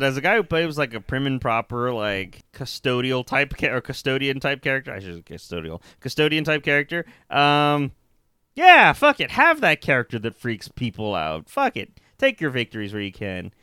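Lively, bright-voiced man cursing freely. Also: medium pitch, normal speed, clear, resonant tone, dry recording, studio quality. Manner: animated, profane, mimics screams. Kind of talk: casual chat.

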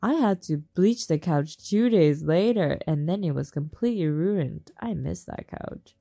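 A woman reading a steamy novel aloud in a deliberate monotone, breaking off for chatty joking asides, recorded on a phone. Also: lowish voice, vocal fry. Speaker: reader of romance novels. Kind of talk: deadpan comedic reading.

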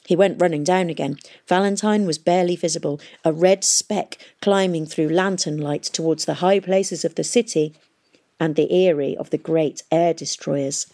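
A woman narrating a novel in a steady, expressive reading voice. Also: lowish voice. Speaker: audiobook narrator. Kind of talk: storybook narration.

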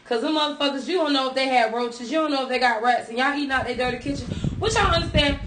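A woman's voice: sits high, very fast. A woman, co-hosting a casual podcast, blunt and profane, often preaching at her listeners. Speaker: podcast co-host. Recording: echoey room with clear noise.

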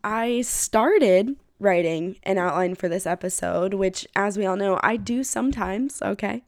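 A woman's voice: mid-range voice, slow, darkish tone, no echo. Young woman podcast host, sick with a cold, rambling and self-deprecating, close dry mic, mid-range voice. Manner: chatty, rambling, self-deprecating, laughs often. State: sick with a head cold, runny nose. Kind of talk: casual solo podcast chat.

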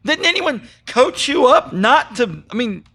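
A man hosting a casual movie podcast, talking in an animated, rambling way and getting excited as he goes. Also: very high-pitched, a little slow, creaky, breathy edge. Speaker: podcast host. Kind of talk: casual movie review chat.

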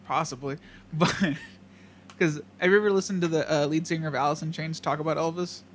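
Guy with a higher voice telling a story, swears, does the voices, light hiss. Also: fairly quick. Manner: profane, animated storyteller acting out quotes. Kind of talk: casual storytelling.

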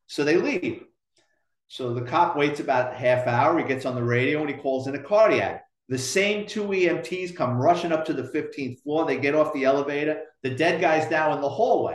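A middle-aged man with a Bronx New York accent, a retired police detective telling blunt, profane stories with dark humor in a casual interview. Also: mid-range voice, a little fast. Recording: roomy echo.

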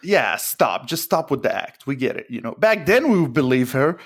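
Podcast co-host, man, mid pitch, easygoing and wry. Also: very animated, moderate pace, husky. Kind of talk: casual chat.

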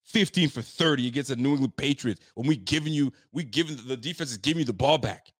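A man's voice: medium pitch, fast, breathy edge. A man giving a frustrated, blunt post-game reaction, repeating himself and using casual slang. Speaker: sports fan commentator.

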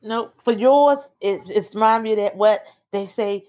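A woman's voice: mid-range voice, moderate pace, darkish tone. A woman, a parent, co-hosting a casual chat. She asks the questions in an easygoing, teasing way. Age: adult with kids. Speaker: podcast co-host.

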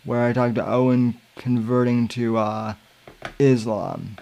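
A man hosting a podcast, giving casual commentary in a halting way with many filler sounds and restarts. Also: mid-range voice, fairly even intonation, creaky, mellow. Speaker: podcast host.

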